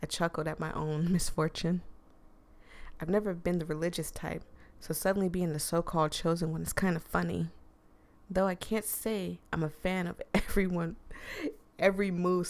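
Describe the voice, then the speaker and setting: Reading a horror visual novel's narration aloud, a female gaming streamer keeps drifting into chatty, rambling tangents. Her voice is gravelly with a fairly low pitch.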